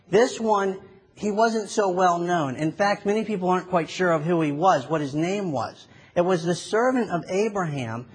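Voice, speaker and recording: A man preaching a sermon in an earnest, prayerful, measured way. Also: sits high, breathy edge.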